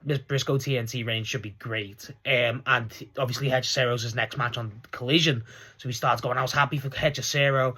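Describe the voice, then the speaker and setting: A young man casually recapping a wrestling show, excitable and rambling, laughing often as he talks. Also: mid-range voice, brisk, slightly rough.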